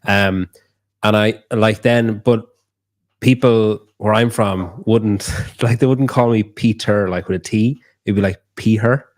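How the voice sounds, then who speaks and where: A man's voice: fairly low pitch, fairly even intonation, takes it slowly, dry recording, studio quality. A young Irish man chatting casually, rambling and swearing freely, laughing often. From Ireland. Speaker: guest. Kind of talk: casual chat.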